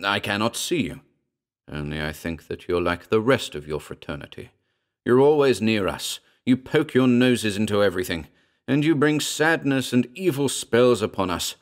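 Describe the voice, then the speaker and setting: A man's voice: on the low side, lively intonation, normal speed, lightly acted. A man reading the part of a bitter, brooding writer who speaks in a tense, agitated way, in a horror audiobook.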